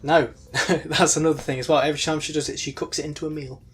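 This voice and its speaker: A man's voice: on the high side, level tone, quick pace, fairly bright tone. A man co-hosting a podcast, rambling casually with many ums and restarts. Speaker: podcast co-host. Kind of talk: casual chat.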